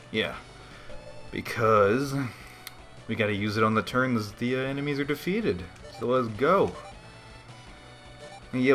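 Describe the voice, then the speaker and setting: A man's voice: on the low side, a bit bright. A man giving laid-back, slangy commentary while playing a video game and chatting to his viewers. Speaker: let's play host. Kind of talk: casual gaming commentary.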